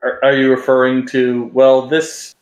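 Wry low-voiced man in a roomy space. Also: completely flat delivery, a little slow, a little mellow. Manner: wry, sarcastic. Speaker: podcast co-host. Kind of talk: casual chat.

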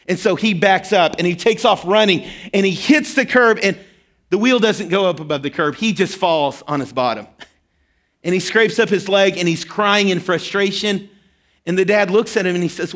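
A man's voice: fairly high pitch, normal speed, fairly bright tone. A man preaching a sermon as pastor, telling a story earnestly and acting out quoted prayers.

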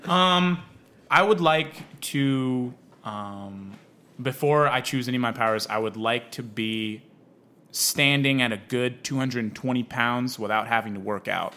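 A man with an average-pitched voice chats loosely as a podcast co-host. He rambles, hesitates often and peppers his talk with casual slang. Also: unhurried, pushed and bright. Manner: rambling, hesitant, full of ums and slang like dude and bro. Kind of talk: casual chat.

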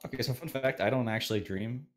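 A man's voice: mid-range voice, fast talker. A man who is a podcast guest, telling a story in a casual, rambling way full of hesitant fillers.

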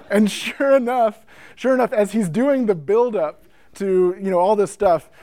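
A man's voice: high-pitched, no room sound. A man from North America giving a casual talk on the history of church worship, acting out quotes and laughing as he tells stories. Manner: animated, acts out quotes, laughs while telling stories. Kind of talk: casual storytelling lecture.

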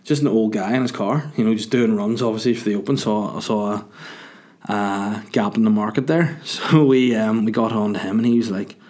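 A man's voice: on the low side, fairly quick, darkish tone. A young man telling a casual, jokey, rambling story to camera. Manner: rambling, jokey, self-mocking. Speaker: vlogger.

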